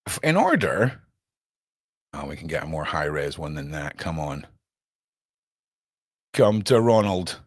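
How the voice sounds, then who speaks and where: A man's voice: rumbling low, big pitch swings, takes it slowly, pauses often, slightly rough, dry recording, clean studio sound. A man hosting a livestream, chatting sarcastically and jokily with lots of slang. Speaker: livestream host. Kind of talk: casual commentary.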